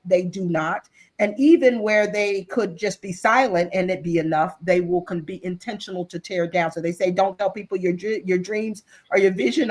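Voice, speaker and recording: A woman's voice: medium pitch, rough recording. A woman speaking as a guest author and executive in an interview over a video call. She talks with earnest, faith-driven conviction and often restarts or repeats her words. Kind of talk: impassioned interview talk.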